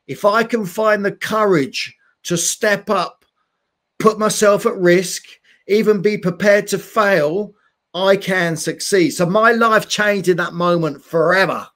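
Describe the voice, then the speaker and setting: A man's voice: high voice, a little slow, a bit bright. A man, a former boxer, earnestly telling his life story in an interview. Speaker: guest, former boxing champion.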